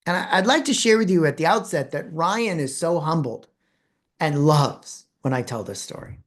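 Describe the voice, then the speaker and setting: A man presenting a talk, telling a personal story with dramatic pauses and acted-out dialogue. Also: on the high side.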